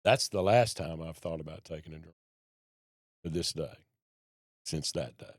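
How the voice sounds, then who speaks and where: A man's voice: a bass voice, moderate pace, no echo, clean studio sound. A man, a podcast guest telling a personal story in a folksy, plain-spoken way.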